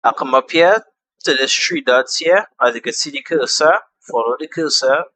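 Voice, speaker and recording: A man's voice: medium pitch, normal speed, pushed and bright, no room sound, poor audio. A young man walking viewers through a phone app in a casual, chatty tutorial, repeating steps and trailing off with fillers. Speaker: tutorial host.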